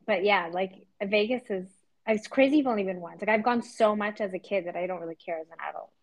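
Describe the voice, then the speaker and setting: A woman's voice: mid-range voice, fast, rough recording. A woman in her thirties from Canada, co-hosting a podcast in casual chat, talking with many fillers. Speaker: podcast co-host.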